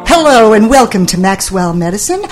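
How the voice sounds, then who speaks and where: A woman's voice: medium pitch, big pitch swings, fairly quick, music in the background. Chatty woman hosting a health show. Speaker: host. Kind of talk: casual radio talk.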